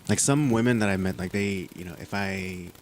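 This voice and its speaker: A man on a podcast shares an anecdote in a loose, rambling way, full of "like" and "you know". He speaks quickly in a low voice, with light background noise. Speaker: podcast host. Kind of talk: casual chat.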